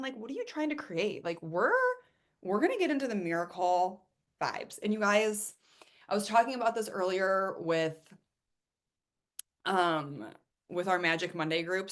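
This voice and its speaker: A woman's voice: medium pitch, measured pace, a bit bright. A woman from Ohio hosting a live webinar, talking in an enthusiastic, chatty way and often repeating herself. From Ohio, USA. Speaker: webinar host and coach.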